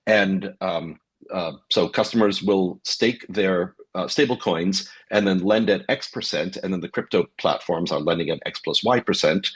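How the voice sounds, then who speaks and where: A man as a guest on a fintech podcast, explaining in a measured way, with many ums and uhs. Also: deep voice, slightly rough. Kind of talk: casual podcast conversation.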